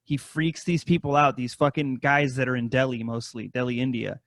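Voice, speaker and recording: A podcast co-host rambles through a story in casual, profanity-heavy talk, imitating scammers in high-pitched voices. His voice is a bit bright with fairly even intonation, moving at a moderate pace with no echo.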